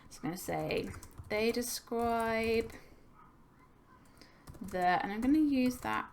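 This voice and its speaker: A woman's voice: mid-range voice, animated, fairly quick, vocal fry, darkish tone, slight background noise. A young woman teacher talking through a poem for students in a recorded lesson, patient and explanatory, thinking aloud with the odd filler. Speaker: English teacher. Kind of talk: recorded lesson on poetry analysis.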